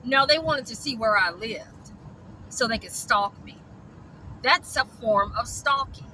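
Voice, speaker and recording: A woman's voice: fairly high pitch, measured pace, pushed and bright, slight background noise, rough recording. A woman, ranting bluntly and profanely in a vlog about dog rescue.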